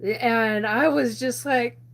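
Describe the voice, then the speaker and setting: A woman's voice: a little high, steady tone, slow pace, creaky. Rambling woman telling a story. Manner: rambling, laughs often, many restarts. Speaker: host. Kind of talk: casual storytelling on a live show.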